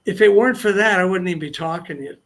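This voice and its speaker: A man's voice: sits high, racing, a bit bright. An older man telling long anecdotes as an interview guest, rambling and restarting his sentences. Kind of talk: casual storytelling interview.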